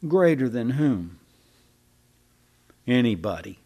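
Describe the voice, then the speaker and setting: A man's voice: mid-range voice, animated, unhurried, a little mellow. A man preaching a sermon in a folksy, conversational way, often repeating and restarting his words.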